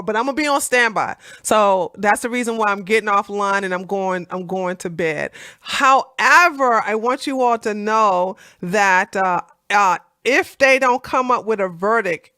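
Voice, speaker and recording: A woman hosting a casual political chat livestream, animated and laughing, with lots of fillers and restarts. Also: mid-range voice, dry recording, studio quality. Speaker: livestream host.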